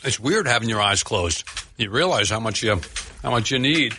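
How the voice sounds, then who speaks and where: A man's voice: fairly low pitch, lively intonation, normal speed, noisy background. A man co-hosting a radio talk show, chatting in a laid-back way and laughing easily while eating on air. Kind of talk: casual on-air banter. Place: radio studio. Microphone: studio microphone.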